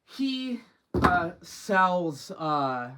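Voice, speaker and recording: A man's voice: high voice, big pitch swings, extremely slow, bright, forceful tone, a little hiss or hum. A young man telling a rambling, slang-heavy story from his own life in a casual storytime monologue, cursing freely as he goes. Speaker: vlogger.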